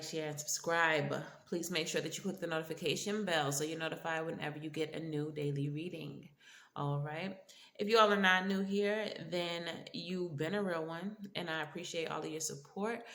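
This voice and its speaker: Stuffy, gravelly tarot reader. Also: mid-range voice, fairly bright tone. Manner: frequent checking-in tags like "okay?" and "all right?". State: stuffy, congested. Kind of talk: casual spiritual tarot reading to viewers. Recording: echoey room with faint background noise.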